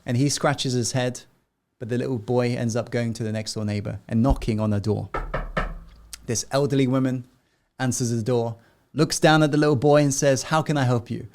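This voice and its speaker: A man's voice: medium pitch, steady tone, moderate pace, a little mellow, a little hiss or hum. A man narrating a motivational story in an earnest, dramatic way.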